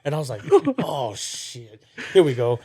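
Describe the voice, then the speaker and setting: A young man co-hosting a podcast in casual chat, telling a story in an excitable way and laughing as he goes. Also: unhurried, breathy edge. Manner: excitable storyteller, voice climbs high when laughing. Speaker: podcast co-host.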